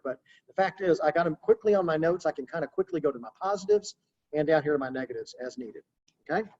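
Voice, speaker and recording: A man coaching real estate agents in a relaxed, conversational webinar talk over a video call. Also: on the high side, lo-fi sound. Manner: casual, conversational, practical coaching.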